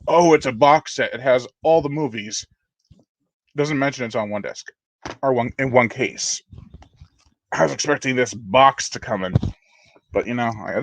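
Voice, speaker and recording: A man's voice: mid-range voice, slight background noise, low-quality recording. Rambling man hosting a live unboxing. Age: adult. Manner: rambling and self-deprecating, with chuckles and restarts. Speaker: horror channel host. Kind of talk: casual live unboxing chat.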